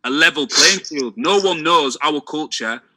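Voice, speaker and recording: A man's voice: on the high side, a little slow, bright, forceful tone. A young man in casual chat, speaking emphatically and often closing lines with "man". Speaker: discussion guest.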